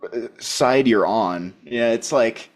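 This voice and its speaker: A man speaking calmly and reflectively as a co-host in a casual spiritual podcast conversation. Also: medium pitch. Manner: calm, measured, reflective.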